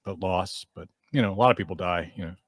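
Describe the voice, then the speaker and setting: Hesitant low-voiced man. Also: slightly rough, dry recording, clean studio sound. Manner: hesitant, halting. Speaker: player. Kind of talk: describing his character in a tabletop game.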